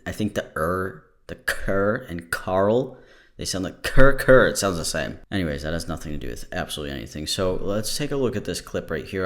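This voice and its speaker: Deep-voiced tired man, joking. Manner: joking, rambling, swears freely. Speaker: podcast host. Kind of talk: casual podcast chat.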